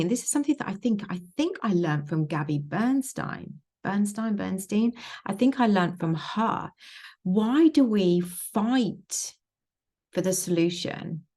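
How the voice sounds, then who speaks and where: A woman talks through her inner-work routine with blunt, emphatic energy, repeating her points and swearing freely. Her voice is low and gravelly, with frequent vocal fry. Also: a little mellow. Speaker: manifestation coach. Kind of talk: casual motivational vlog.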